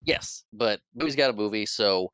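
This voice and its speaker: A man with a fairly low voice that still sounds bright and punchy recaps a film for a podcast. He talks casually, stumbling and restarting phrases. The sound is close and dry, with no room echo. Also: normal speed, smooth. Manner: retells scenes at length with many restarts and little laughs. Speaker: podcast co-host. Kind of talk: casual movie recap chat.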